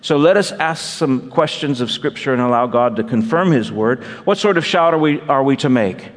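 A man's voice: mid-range voice, lively intonation, moderate pace, in a large hall. A man preaching a sermon as pastor, telling a personal story with wry humor and asides to the congregation. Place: church.

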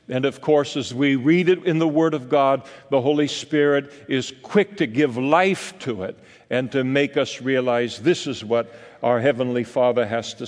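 A man in his sixties from California, preaching a sermon in a folksy, rambling storytelling way with many fillers. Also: mid-range voice. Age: 60s. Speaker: pastor. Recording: long hall reverb.

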